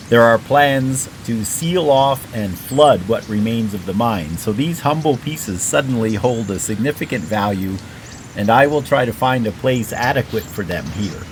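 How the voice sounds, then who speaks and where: A man host narrating his rock-collecting channel in a careful, measured, explanatory way, reading a prepared script over footage. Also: medium pitch, a little hiss or hum.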